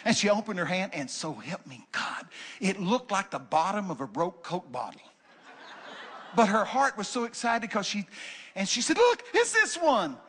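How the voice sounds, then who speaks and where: An older man preaching from the pulpit, telling folksy stories in an animated way, with joking and loud bursts. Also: high-pitched, moderate pace, slightly rough. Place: church sanctuary.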